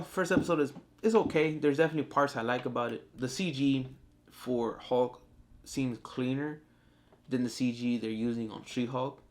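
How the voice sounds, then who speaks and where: A man reviewing a TV show in casual, profane talk, acting out the characters as he goes. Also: mid-range voice. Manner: animated, profane, acts out characters.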